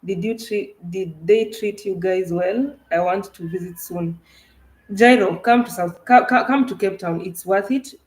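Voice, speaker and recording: A woman's voice: medium pitch, measured pace, echoey room, rough recording. A woman from Kenya, a travel vlogger, chatting casually and animatedly with her co-host about her trip, with frequent restarts. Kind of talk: casual livestream chat.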